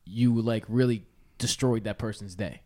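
A man's voice: on the low side, moderate pace, crowd noise. A man telling funny stories in a casual chat with friends, acting out the voices of the people in them. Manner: animated storyteller, acts out quotes.

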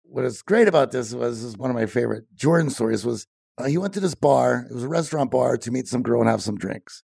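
A man with a heavily gravelly, husky voice spins a tale for a podcast interview, slightly higher-pitched than most men. He tells it with animated energy and laughs along the way. The studio sound is dry and close. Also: fast, no echo. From Pennsylvania, USA. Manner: animated storyteller, laughs often. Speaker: podcast co-host, guest. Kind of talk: storytelling interview.

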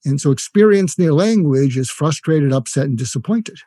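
An older man with a dark, husky voice explains communication tips in an earnest, conversational way. He often drops into short acted examples of what to say. The sound is dry and close. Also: a little high, expressive, normal speed, no room sound. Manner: earnest, demonstrates phrases in a softer voice. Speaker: guest psychiatrist and coach.

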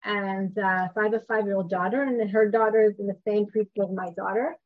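A woman's voice: medium pitch, fairly even intonation, brisk. Conversational woman teaching a class. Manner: conversational, asks the class questions. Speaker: Torah teacher. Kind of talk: informal class talk to a group. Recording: dull lo-fi class recording.

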